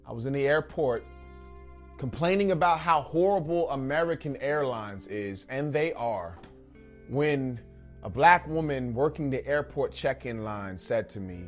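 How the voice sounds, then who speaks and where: A man performs spoken-word poetry, rhythmic and emphatic. Faint guitar plays softly beneath his voice. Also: mid-range voice, expressive, a little slow. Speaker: poet.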